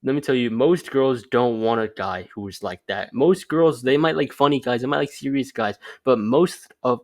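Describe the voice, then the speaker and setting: A young man talks through his dating advice in a loose, offhand way, dropping "like" between phrases as he goes. His voice sits at an ordinary middle pitch, and he speaks the way you would with a friend. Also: moderate pace, a little mellow. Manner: rambling, loose, lots of "like" fillers. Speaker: vlogger. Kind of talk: casual advice monologue.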